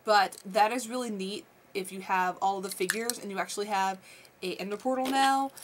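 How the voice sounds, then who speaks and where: A woman vlogging a toy unboxing in a casual, gushing, excitable chat at her desk. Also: mid-range voice, moderate pace, noisy background. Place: desk at home.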